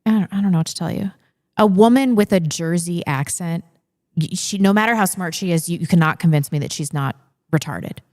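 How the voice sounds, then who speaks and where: A woman's voice: on the low side, brisk, a little mellow. A woman hosting a talk show, chatting casually in a blunt, opinionated way with dry quips. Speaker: podcast host. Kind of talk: casual chat.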